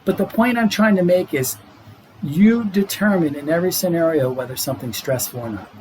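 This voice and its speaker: Middle-aged man, doctor guest, earnest explainer, slightly high voice, faint background hiss. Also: fairly quick, darkish tone, poor audio. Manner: explanatory, earnest, laughs easily. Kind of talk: casual podcast health talk.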